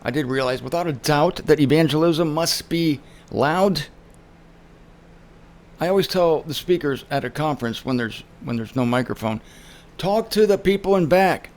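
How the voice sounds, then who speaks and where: A man's voice: a little high, moderate pace. A man hosting his own show, telling a story in an emphatic monologue and acting out the people he quotes. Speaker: show host. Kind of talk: casual monologue.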